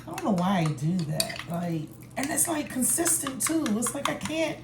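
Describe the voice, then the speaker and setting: A woman's voice: high voice, big pitch swings, unhurried. Playful chatty older woman in a kitchen. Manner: chatty, playful, breaks into song. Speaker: home cook vlogger. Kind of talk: casual cooking vlog. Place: home kitchen. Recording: echoey kitchen with cooking noise. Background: cooking sounds, sizzling pan.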